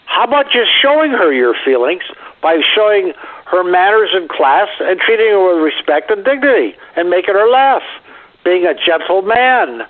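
A man's voice: high-pitched, very animated, normal speed. A man giving blunt dating advice on the radio, wisecracking and acting out bits of dialogue. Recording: tinny phone line.

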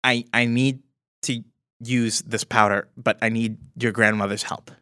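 A man's voice: mid-range voice, flat delivery, unhurried, pushed and bright, no echo, clean studio sound. A man doing a weary, urgent Tin Man. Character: weary, grieving male mechanical man.

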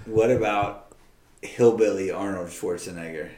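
A man's voice: deep voice, unhurried, a little mellow, roomy sound. A man co-hosting a podcast, chatting casually with friends, teasing them and laughing often. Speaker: podcast co-host. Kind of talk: casual chat among friends.

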